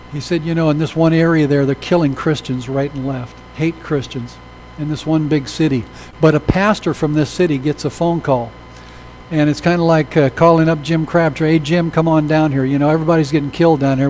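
Animated preaching man, somewhat high voice. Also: slight background noise, poor audio. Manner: animated, acts out quoted voices in stories. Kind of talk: sermon storytelling.

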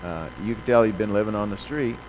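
A man preaching a sermon, reading scripture slowly and with emphasis, then telling folksy stories with many fillers. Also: on the low side, a little mellow, a little hiss or hum, rough recording. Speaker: pastor.

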